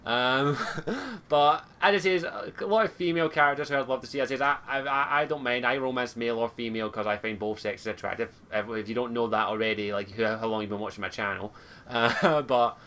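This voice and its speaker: A man's voice: medium pitch, fairly even intonation, brisk, pushed and bright. A man with a Scottish accent hosting a casual podcast chat, joking and laughing often. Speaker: podcast host.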